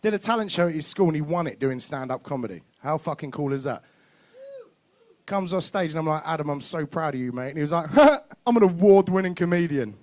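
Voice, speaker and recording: Man, thirties, stand-up comic, slightly high voice, foul-mouthed, acts out characters. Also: quick pace. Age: 30s. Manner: swearing, acts out dialogue with shifts of voice. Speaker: stand-up comedian. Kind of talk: stand-up comedy set. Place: comedy club stage.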